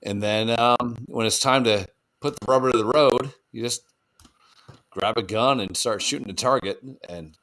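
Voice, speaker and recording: A man co-hosting a casual podcast, telling stories and dropping deadpan jokes. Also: mid-range voice, moderate pace. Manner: joking, deadpan asides. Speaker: podcast co-host. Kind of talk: casual chat.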